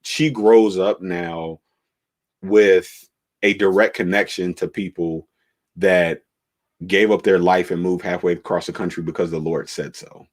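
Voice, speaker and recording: A man, a pastor, telling the story of his church's beginnings in a relaxed conversational way, with many fillers and restarts. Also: low-pitched, unhurried.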